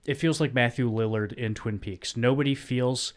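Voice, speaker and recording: Deadpan man in casual podcast chat. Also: mid-range voice, normal speed. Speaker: podcast co-host.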